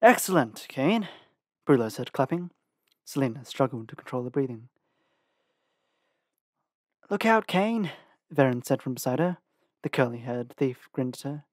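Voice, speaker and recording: Man, audiobook narration, expressive delivery, mid-pitched voice, dry close recording. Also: fairly quick, no room sound. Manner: expressive reading, lively shifts in pitch. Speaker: audiobook reader.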